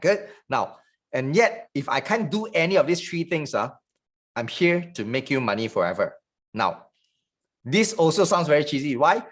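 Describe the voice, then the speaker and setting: A man giving an online sales training in a fast, joking, salesy patter. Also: fairly high pitch, very animated.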